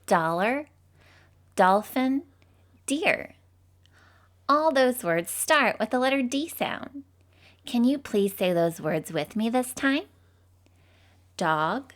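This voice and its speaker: A woman voicing a bubbly cartoon teacher. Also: sits high. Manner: bubbly, encouraging, sing-song praise. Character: cheerful Southern female cartoon phonics teacher. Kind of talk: children's phonics lesson.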